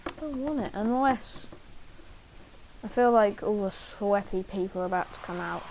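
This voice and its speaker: A woman's voice: mid-range voice, moderate pace, darkish tone, slight background noise, low-quality recording. Young woman chattering over a racing game. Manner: exasperated, self-mocking running chatter. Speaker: gamer. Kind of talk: casual gameplay commentary.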